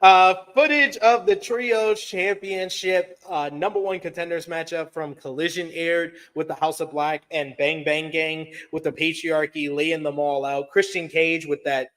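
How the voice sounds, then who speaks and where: Higher-voiced male wrestling recap host. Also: measured pace, few pauses. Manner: recapping news, then calmly defending his opinion. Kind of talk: casual wrestling show recap.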